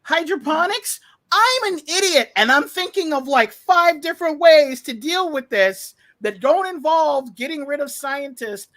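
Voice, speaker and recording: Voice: high-pitched, animated, unhurried, fairly bright tone. A podcast host ranting casually about a movie, profane, sarcastic and exasperated, rambling with fillers. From United States.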